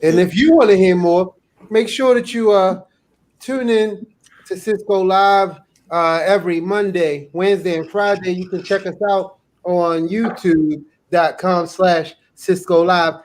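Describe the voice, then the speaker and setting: A man with a notably high speaking voice hosts a live video call show. He is playful and excitable, joking with his guests. It sounds like a video call mic. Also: measured pace. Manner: playful, excitable, laughs often. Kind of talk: casual live-stream banter.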